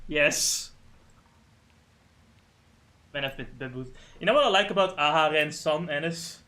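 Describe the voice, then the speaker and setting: Man, livestreamer, bright tone, slightly high pitch, rambling, swears, trips over words. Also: a little slow, long pauses. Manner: rambling, swears a lot, stumbles over names. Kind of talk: casual gaming stream chat.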